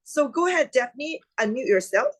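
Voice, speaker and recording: A woman hosting an online club meeting over a video call, chatty and quick to laugh. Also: high-pitched, big pitch swings, poor audio. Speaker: meeting host.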